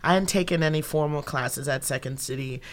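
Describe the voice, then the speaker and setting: A woman's voice: low voice, brisk. A young adult woman, an improv comedian and actor, telling stories in a casual interview and acting out what people said. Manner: animated storyteller who acts out quoted dialogue.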